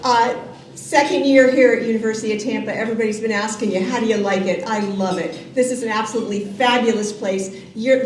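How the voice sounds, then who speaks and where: A woman's voice: on the high side, slight background noise. Woman, middle-aged, university president, enthusiastic ceremony speech, roomy hall, faint ambience. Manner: warm, enthusiastic, teasing. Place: large reverberant banquet hall.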